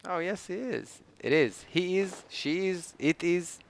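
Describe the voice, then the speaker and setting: A man with a non-native English accent streaming a game live, ranting and swearing excitedly as he plays. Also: high-pitched, a little slow, creaky, a little hiss or hum. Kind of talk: live gameplay commentary.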